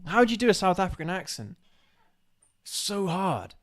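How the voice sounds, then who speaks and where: A man co-hosting a casual live stream, halting and self-deprecating as he searches for words. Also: high voice, big pitch swings. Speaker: co-host of a live show.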